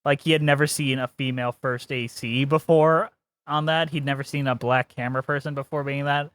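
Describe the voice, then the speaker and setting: A man co-hosting a podcast, chatting casually and giving firm opinions, laughing often and slipping into quick voice impressions. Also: mid-range voice, steady tone, a bit bright. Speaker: podcast co-host. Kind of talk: casual chat.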